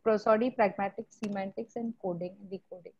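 A woman's voice: medium pitch, steady tone, fairly quick, mellow, breathy edge. A woman moderating a webinar over a video call, putting questions to the speaker on behalf of the audience. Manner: questioning, relays audience queries. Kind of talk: asking questions. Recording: muffled call audio.

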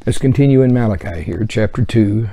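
Mellow-voiced man teaching the Bible. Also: lowish voice, fairly quick. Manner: conversational, chuckling asides.

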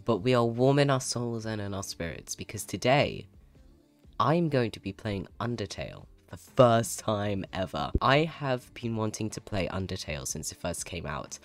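Excitable low-voiced woman streamer. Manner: excitable, squealing when thrilled, swears. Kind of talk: live gameplay commentary. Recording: game music behind.

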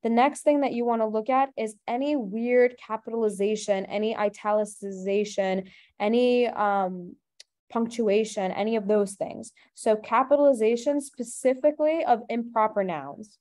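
Brisk woman tutor with a mellow voice. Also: fairly high pitch. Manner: brisk, explanatory, asks rhetorical questions. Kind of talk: online webinar teaching.

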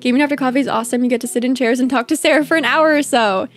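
A woman's voice: sits high, rapid-fire. A woman streaming a game in casual commentary, bubbly and gushing, laughing often. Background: faint game music.

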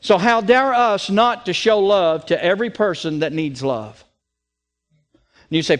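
A man's voice: sits high, animated, normal speed. A man preaching a sermon as pastor, emphatic and repeating key words for stress, often restarting with stacked "and, and".

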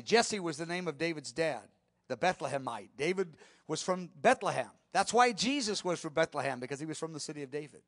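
A man preaching a sermon as a Bible teacher, telling the story with animated swings from soft to emphatic. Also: on the high side, fairly quick, no room sound, studio quality.

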